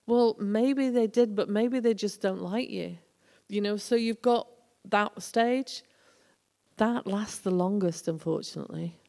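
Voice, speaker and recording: A woman's voice: medium pitch, unhurried, vocal fry, dark tone. A woman, a former tour manager telling road stories in a casual lecture, acting out the people she quotes. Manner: chatty storyteller, acts out quoted voices. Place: college lecture hall. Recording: echoey hall.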